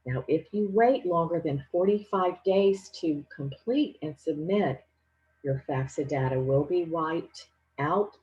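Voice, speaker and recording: A woman giving a financial aid presentation, explaining each step clearly and patiently. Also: low voice, unhurried, darkish tone, muffled recording. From Louisiana. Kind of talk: instructional presentation.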